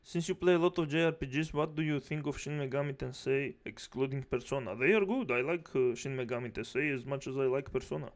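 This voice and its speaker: A man's voice: medium pitch, fast, hardly any pauses. Profane ranting male streamer. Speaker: streamer reacting to videos. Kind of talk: live reaction commentary.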